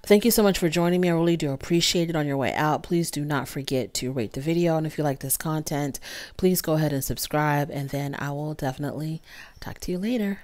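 A woman casually recapping a reality TV episode, acting out the quotes with big jumps in pitch. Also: fast talker, darkish tone. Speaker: TV recap host.

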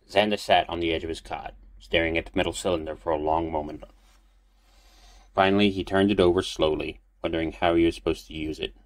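A man reading a fan fiction audiobook in a calm, steady storytelling manner. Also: a bass voice, dry recording. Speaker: audiobook reader.

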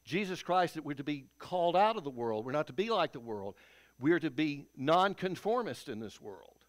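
A man's voice: a little high, very animated, normal speed. A Texan man preaching a sermon in a church, folksy and storytelling, with a homespun ease. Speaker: pastor. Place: church sanctuary.

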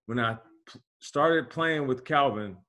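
A man in his forties and a former pro athlete, telling stories as a podcast guest in a slangy, animated way. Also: medium pitch, measured pace. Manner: lively, slangy, acts out quotes, laughs while telling stories. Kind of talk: animated storytelling in casual conversation.

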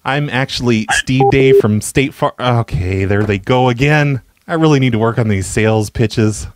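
A man makes prank phone calls, stammering and apologizing in a deadpan way. His voice sits at an ordinary middle pitch. It is recorded close and dry, with no room sound. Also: normal speed, no echo. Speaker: prank caller and show host. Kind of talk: prank phone call comedy.

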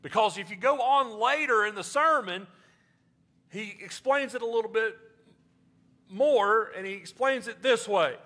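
A man preaching a sermon as pastor, animated and jumping high in pitch to stress his points. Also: a little slow, long pauses.

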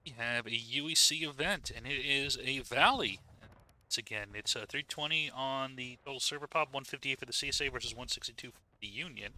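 A man's voice: medium pitch, a little fast, low-quality recording. A man streaming a game, giving casual commentary and reading out units with joking asides. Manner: relaxed, joking asides while listing units.

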